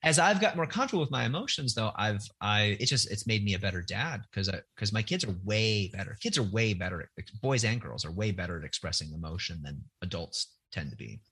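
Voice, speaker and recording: Middle-aged man, husky, bright tone, earnest, reflective, halting restarts. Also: lowish voice, sing-song. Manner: reflective, earnest, hesitant with many restarts and fillers. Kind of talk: candid conversational storytelling.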